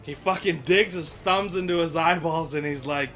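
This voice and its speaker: A man's voice: on the high side, moderate pace, fairly bright tone, faint music behind. A young man co-hosting a casual podcast, ranting and swearing hotly as he recaps a TV episode. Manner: heated, profane, ranting. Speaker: podcast co-host.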